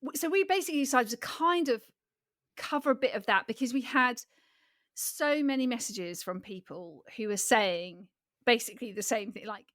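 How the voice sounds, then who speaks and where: A woman's voice: a little high, moderate pace, a bit bright, no room sound. Chatty woman co-hosting, dry sound. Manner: chatty, reflective, hedging with fillers. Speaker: podcast co-host. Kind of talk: casual chat.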